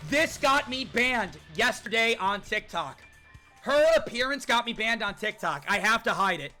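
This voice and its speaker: A young man streaming a video game live, talking excitedly to his chat and often shouting in disbelief. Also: high voice. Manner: hyped, shouting at chat, rapid exclamations. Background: game music.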